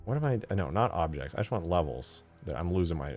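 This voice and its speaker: A man streaming himself modding a game, excitable and swearing a lot, swinging from low mumbles to sudden yells. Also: fast, faint music behind. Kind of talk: live-stream commentary.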